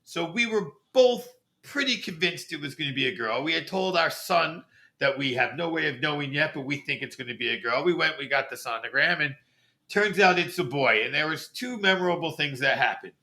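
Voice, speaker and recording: A man's voice: fairly high pitch, animated, a little fast, pushed and bright. A middle-aged man co-hosting a podcast, talking in a thoughtful, reflective way in casual chat. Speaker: podcast co-host.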